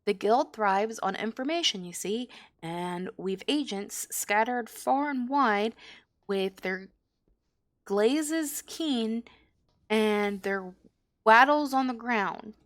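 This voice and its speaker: A woman's voice: on the high side, takes it slowly. A woman voicing a sly male rogue guild master, reading his slang-heavy lines aloud. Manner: reads the lines aloud in rough old slang.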